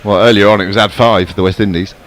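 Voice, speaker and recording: A man's voice: fairly low pitch, steady tone, fast talker, a bit bright, rough recording. A man commentating on cricket in a casual, bantering and rambling way.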